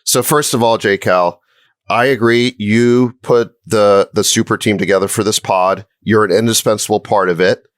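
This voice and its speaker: A man's voice: lowish voice, steady tone, dry recording. Sarcastic male podcast co-host, dry sound. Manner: needling, sarcastic, measured. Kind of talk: heated podcast argument.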